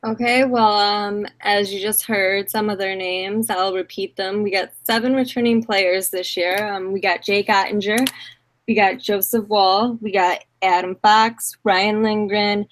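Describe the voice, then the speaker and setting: A woman's voice: medium pitch, steady tone, measured pace. A woman co-hosting a sports podcast, talking in a chatty way with frequent "like" and "um". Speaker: podcast co-host. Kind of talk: casual sports podcast talk.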